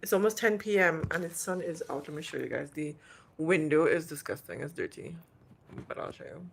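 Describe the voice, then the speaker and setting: A woman's voice: low-pitched, a little fast, vocal fry, slight background noise. A woman from Trinidad and Tobago with a faint Trinidadian accent, hosting a casual livestream from a hotel room and answering viewer questions in a chatty, rambling way. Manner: chatty and rambling, with many restarts. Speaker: livestream host.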